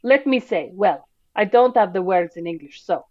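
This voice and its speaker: A woman's voice: mid-range voice, animated, normal speed, darkish tone, no room sound, dull audio, close to an everyday voice. A woman putting on an Italian accent to voice an affectionate, theatrical man from a show. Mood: tender. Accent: put-on Italian.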